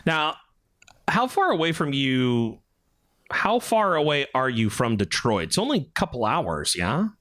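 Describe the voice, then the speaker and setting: A man with a Californian accent hosts a casual podcast. His pitch rises and falls in a lively way as he talks. The sound is close and dry, with no room echo. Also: a little slow. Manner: animated, laughs often. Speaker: podcast host.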